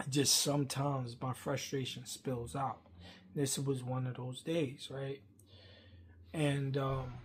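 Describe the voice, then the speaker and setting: A man, venting a rambling workplace story to camera, swinging from loud outbursts to muttering. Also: husky. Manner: heated, rambling, acts out quotes loudly then drops low.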